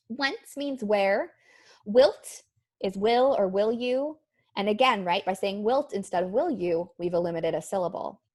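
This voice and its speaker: An upbeat woman teacher talks her class through a lesson at an easy pace. Her voice sits mid-range, and she slows down to act out short examples. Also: mid-range voice. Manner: upbeat, explains slowly with spoken examples.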